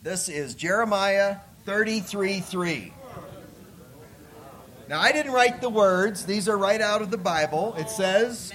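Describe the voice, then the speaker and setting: Chatty missionary preacher guy, jokey and folksy, bright kinda high voice. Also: a little slow. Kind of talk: sermon with stories.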